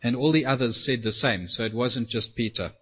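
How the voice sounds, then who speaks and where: A man preaching a sermon, telling a Bible story with lively acted-out quotes. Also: medium pitch, brisk, husky, dull audio. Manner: animated storytelling, acts out quoted voices.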